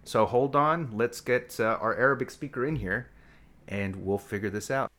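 A man co-hosting a podcast in goofy, joking banter, loud and excitable. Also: medium pitch, normal speed. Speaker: podcast co-host.

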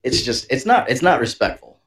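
A man's voice: medium pitch, sing-song, a little fast, fairly bright tone. A man co-hosting a podcast, joking and swearing casually and acting out the people he quotes. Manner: joking, swears freely, acts out quoted voices. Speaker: podcast co-host. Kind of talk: casual banter.

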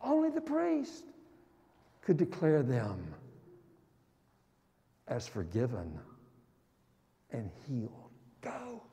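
A man preaching a sermon in a dramatic, emphatic way, slowing down on key words and breaking into sudden loud exclamations. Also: mid-range voice, wildly swooping pitch, gravelly. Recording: long reverb of a large hall.

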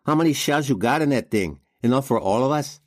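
A man's voice: medium pitch, animated, fairly quick, no echo, studio quality, pitched above the performer's own voice, natural voice. A man voicing a menacing young male gang leader in an audiobook.

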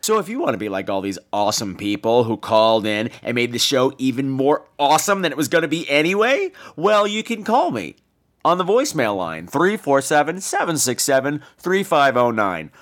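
A man's voice: medium pitch, big pitch swings, normal speed. Campy, theatrical male podcast host. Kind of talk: solo podcast wrap-up.

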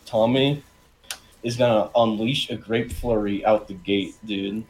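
A man's voice: on the low side, steady tone, a little slow, darkish tone, a little hiss or hum, rough recording. A man playing a tabletop game, casual, crude and rambling as he narrates his character's moves. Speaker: player.

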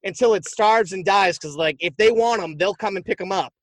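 A man's voice: sits high, fairly quick, dry recording. A man co-hosting a podcast, casually and animatedly retelling a movie plot and swearing freely. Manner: animated, profane storytelling. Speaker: podcast co-host.

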